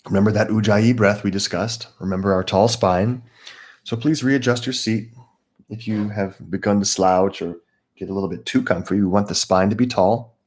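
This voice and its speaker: A man teaching a live guided meditation class, calmly explaining breathing techniques and greeting viewers by name. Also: lowish voice, moderate pace.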